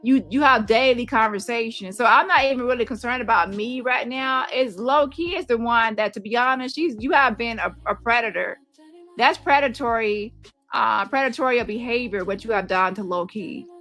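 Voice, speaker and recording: A woman's voice: fairly high pitch, moderate pace, pushed and bright, faint music behind. A woman hosting a commentary stream, talking heatedly and repeating herself as she stacks up accusations. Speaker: host. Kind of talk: casual commentary to camera.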